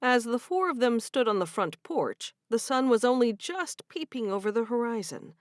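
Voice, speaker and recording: A woman narrating a sweet romance audiobook in a gentle, measured way. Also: fairly high pitch, sing-song, dry recording, studio quality. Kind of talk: scripted narration.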